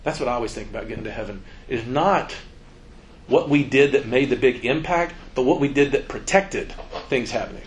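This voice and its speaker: A man's voice: medium pitch, brisk, slight background noise. A man giving an informal, joking talk to students as a campus minister, acting out quoted voices. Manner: animated, joking, acts out quotes.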